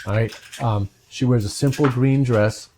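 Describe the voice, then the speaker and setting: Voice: medium pitch, normal speed, dark tone, a little hiss or hum. A dungeon master narrating a tabletop game at home, casual and full of ums. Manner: hesitant, many ums, casual. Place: home with family.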